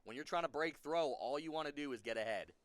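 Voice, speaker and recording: A man's voice: fairly high pitch, quick pace, no room sound. Guy doing darts color commentary, breaks down the play, repeats himself for emphasis, dry sound. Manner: analytical, repeats points for emphasis.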